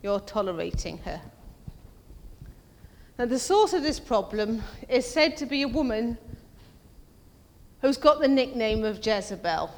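A woman's voice: expressive, unhurried, long pauses, a little mellow. A woman preaching a conversational sermon, asking her congregation questions and acting out quoted voices. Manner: acts out quoted voices in a higher pitch. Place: church. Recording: long reverb of a church hall.

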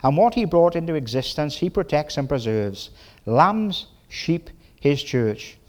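A middle-aged man with a Welsh accent preaching a sermon in a folksy, lively way, full of tag questions and quick bursts. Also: fairly high pitch. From Wales.

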